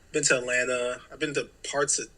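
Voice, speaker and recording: Bright-voiced laid-back male co-host. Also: mid-range voice, flat delivery, fast talker, low-quality recording. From New York. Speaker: podcast co-host. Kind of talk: casual chat. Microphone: remote call mic.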